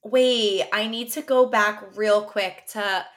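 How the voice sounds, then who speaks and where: A woman's voice: medium pitch, fairly even intonation, slow, fairly bright tone. A young woman co-hosting a podcast, talking animatedly in casual chat and swearing freely. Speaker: podcast co-host.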